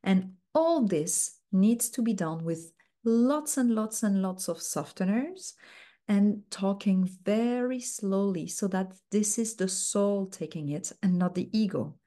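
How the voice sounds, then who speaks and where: A woman mentor teaching a coaching technique, speaking slowly and softly with frequent fillers. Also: mid-range voice. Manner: slow, soft-spoken, uses many fillers.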